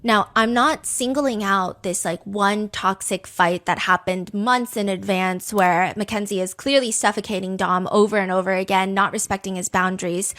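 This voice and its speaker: A woman's voice: medium pitch, a bit bright. A young woman hosting a true crime show, narrating the case casually with emphatic asides and lots of fillers. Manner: chatty, emphatic, many asides.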